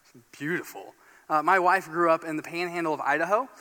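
A man from Northeast Indiana preaching a sermon as pastor, telling a story in an animated, excitable way. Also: a little high, a little fast. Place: church sanctuary. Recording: long church hall reverb.

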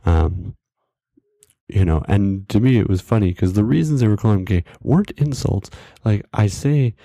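A man spins a comic anecdote for his podcast listeners, wandering through fillers and small laughs. His voice sits low, dark and gravelly. The sound is dry and close, with no room around it. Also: moderate pace, no room sound. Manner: rambling, heavy on fillers, chuckles at his own story. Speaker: podcast storyteller. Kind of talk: casual comedic storytelling.

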